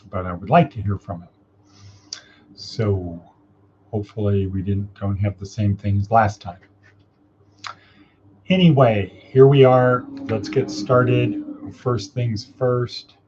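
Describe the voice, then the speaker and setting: A man's voice: fairly low pitch, steady tone, slow, long pauses, a little mellow, highs cut off, slight background noise. A man hosting a casual morning coaching livestream, upbeat and encouraging as he reads viewer comments and guides listeners through steps.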